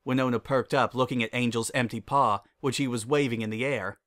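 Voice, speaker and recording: Male narrator for a fan-fiction reading, measured and even. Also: mid-range voice.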